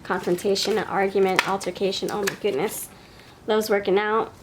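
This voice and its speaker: A woman's voice: medium pitch, flat delivery, normal speed, background noise. A woman with a New York accent giving a pick-a-card tarot reading, chatty and thinking aloud as she goes. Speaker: tarot reader.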